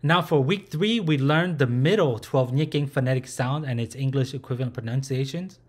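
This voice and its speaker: Male language teacher, mid-pitched, patient, repeats each sound slowly; casual filler-heavy delivery. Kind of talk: online language lesson.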